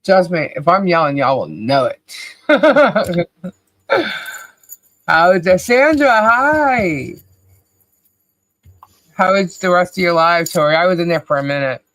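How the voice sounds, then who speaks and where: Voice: medium pitch, animated, normal speed, pauses often, a bit bright, no echo. A podcast co-host chatting casually on a livestream, cheerfully calling out viewers' names and laughing often.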